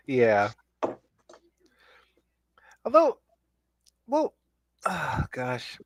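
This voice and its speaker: A man's voice: high voice, huge pitch swings, extremely slow, gravelly, pauses often, a bit bright, no echo. A man co-hosting a casual podcast chat, telling stories in a laid-back way with quoted asides. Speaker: podcast co-host.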